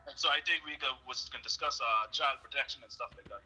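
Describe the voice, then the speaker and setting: A man's voice: medium pitch, fast, pushed and bright, husky, poor audio. A young Bahamian man co-hosting a show, chatting casually in a laid-back, joshing way. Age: young adult. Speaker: radio co-host. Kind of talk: casual chat.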